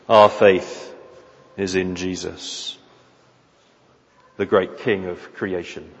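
A man preaching a sermon in an earnest, measured way, often posing rhetorical questions. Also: fairly low pitch. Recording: reverberant hall, dull lo-fi sound.

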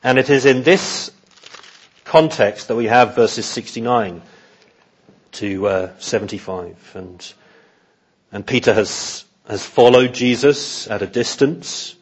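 A man preaching an expository sermon in an earnest, measured way, often repeating words as he thinks. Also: medium pitch, breathy edge.

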